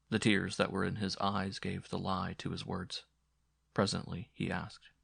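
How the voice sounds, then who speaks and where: Gravelly man narrating horror. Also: low voice, monotone, a bit bright, dry recording, studio quality. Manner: measured, grave storytelling.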